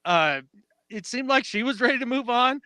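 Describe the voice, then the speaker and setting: A man co-hosting a casual sports podcast, animated and acting out quotes in mock voices. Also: very high-pitched, moderate pace, no room sound. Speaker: podcast co-host.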